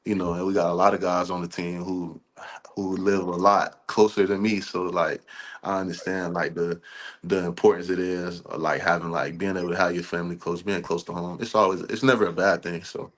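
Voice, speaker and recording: A young college football player from Florida talks in a very deep, loose voice. He rambles casually, filling his answers with "like" and "you know." He sounds like a guest at ease on a sports podcast. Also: fairly quick. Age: young adult. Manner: relaxed, rambling, fillers like "you feel me".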